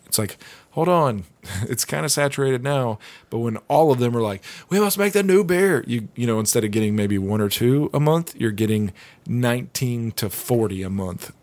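A man's voice: medium pitch, moderate pace, a little mellow, no echo. A man chatting casually as co-host, loose and profane, with laughing asides. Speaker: podcast co-host. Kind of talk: casual chat.

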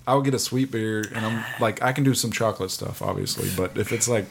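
Relaxed low-voiced man chatting. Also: fairly quick, creaky, slight background noise. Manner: laid-back, candid, jokey. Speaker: podcast co-host. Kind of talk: casual chat.

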